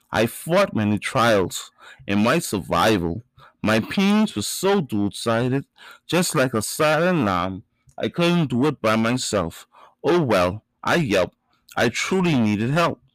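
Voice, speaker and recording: A man from the islands reciting his own spoken word poetry and rap, with rhythmic, emphatic delivery and sudden loud rises. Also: medium pitch, sing-song, takes it slowly, no echo, low-quality recording. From Bahamas.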